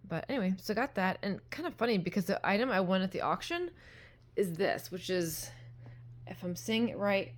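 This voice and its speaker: A woman chatting casually at home in a show-and-tell vlog, rambling and often trailing into soft half-whispers, speaking close to her phone. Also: fairly low pitch. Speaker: vintage-haul vlogger. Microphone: phone held close.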